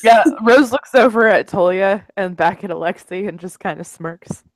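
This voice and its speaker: A woman narrating her character in a tabletop game, with a slow, amused delivery. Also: mid-range voice, low-quality recording. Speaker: tabletop player. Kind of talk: casual role-play narration.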